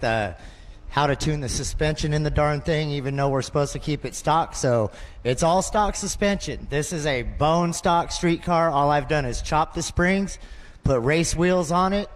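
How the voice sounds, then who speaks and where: A man driver speaks casually after his race, chuckling and joking, a touch higher than most men. The open track gives his voice a long reverb. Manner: casual, joking, laughs easily. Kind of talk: post-race interview.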